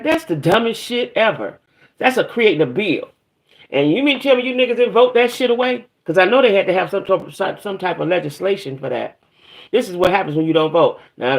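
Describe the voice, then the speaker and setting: A middle-aged woman with a lowish voice and vocal fry hosts a casual livestream. She vents about her day in a profane, aggravated way, greeting chat viewers by name along the way.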